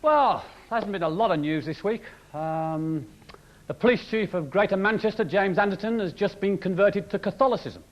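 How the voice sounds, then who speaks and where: A man doing an animated, mocking stand-up monologue before a live audience. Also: high voice, normal speed, a little hiss or hum. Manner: animated, mocking, shouts punchlines. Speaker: comedian. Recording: dull broadcast recording, loud audience.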